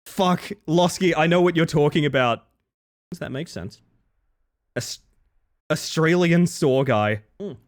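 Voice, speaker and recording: A young man chatting casually with his viewers on a livestream, animated and profane. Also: a little high, a little slow, pauses often. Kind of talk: casual stream chat.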